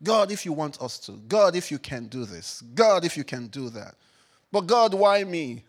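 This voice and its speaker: A man preaching a sermon as pastor, emphatic, swinging between loud declarations and quiet reflection. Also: on the high side, big pitch swings, moderate pace.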